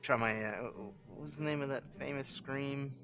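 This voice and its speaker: A man's voice: mid-range voice, normal speed, over music. A man voicing lines in a fan audio drama, joking and self-mocking between takes. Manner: playful, self-mocking, exclaims a lot. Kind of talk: bloopers and line readings.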